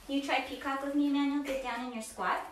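A woman teaching a children's yoga storytime, reading aloud in a slow, coaxing, sing-song way. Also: sits high, fairly even intonation, a little hiss or hum. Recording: roomy, distant from mic.

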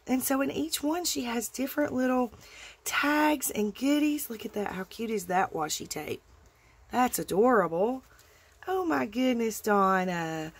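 A woman's voice: a little high, slightly rough. A woman hosting a crafting channel, gushing with delight as she unboxes a happy-mail package. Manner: gushing, effusive, drawn-out exclamations.

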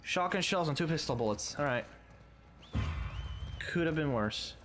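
A man's voice: on the high side, expressive, a little slow, a bit bright. A man commentating a game as he plays, swearing and exasperated, taunting the enemies on screen. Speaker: let's play gamer. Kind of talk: casual gameplay commentary.

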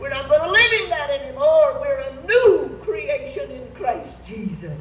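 High-pitched older woman preaching emphatically. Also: very animated, moderate pace, far from the mic, dull audio. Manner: emphatic, urging the congregation to repeat phrases aloud. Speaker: Pentecostal Bible teacher. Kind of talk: sermon. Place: church meeting. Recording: roomy church hall, recorded from afar, faint noise.

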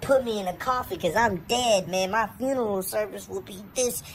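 A man's voice: high voice, normal speed, pitched above the performer's own voice. A man putting on the voice of a teasing male friend from a group chat, exaggerated and over-the-top. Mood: mocking.

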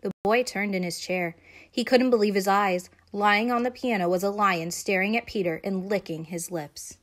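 A woman's voice: mid-range voice, moderate pace. Woman reading a children's story aloud. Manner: expressive, animated. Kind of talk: children's read-aloud narration.

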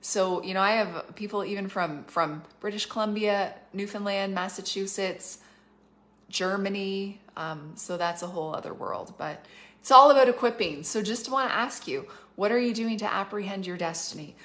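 A woman's voice: medium pitch, moderate pace, a bit bright. A middle-aged woman from Canada delivers a prophetic teaching over a livestream. Her voice sits in the middle range. She preaches with fervent emphasis and drags out the words she wants to land, then hurries through casual asides to her viewers. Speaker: prophetic minister and school leader.

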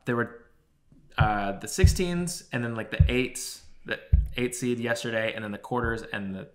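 A man co-hosting a podcast, telling a long story in a rambling, animated way with lots of swearing and filler words. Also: mid-range voice, normal speed. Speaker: podcast co-host. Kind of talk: casual storytelling chat.

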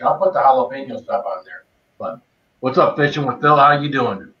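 A man's voice: medium pitch, moderate pace. A man hosting a casual live stream, tasting spicy food and greeting viewers by name as he eats. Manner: chatty, greets viewers by name while eating. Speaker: livestream host doing a spicy food tasting. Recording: dull lo-fi stream audio.

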